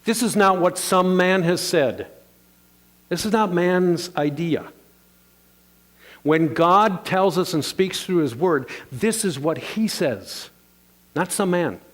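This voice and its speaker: A pastor delivers his sermon in a slightly high, lively male voice. He is playful and animated and keeps calling on the congregation to answer back. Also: slow, pauses often.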